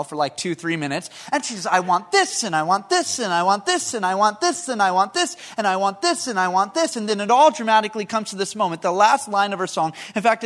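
A man's voice: sits high, a bit bright. A man in his thirties, a pastor preaching a sermon in a conversational way, with repeated phrases and questions to the congregation.

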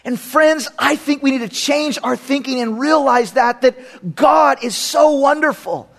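Guy with a really high voice preaching, punchy and repeats lines over and over. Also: unhurried, creaky, fairly bright tone. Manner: emphatic, repeats phrases for effect. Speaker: pastor. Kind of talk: sermon.

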